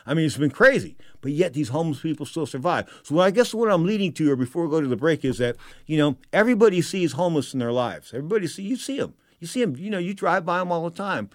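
A middle-aged man from San Francisco hosting a talk radio show, telling stories in an emotional, animated way with repeated phrases. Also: medium pitch, no room sound, studio quality. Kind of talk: storytelling talk radio monologue.

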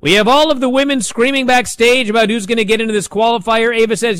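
A man casually recapping a wrestling show, animated and sarcastic as he tells it. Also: very high-pitched, fast, few pauses, clear, resonant tone, no room sound, clean studio sound.

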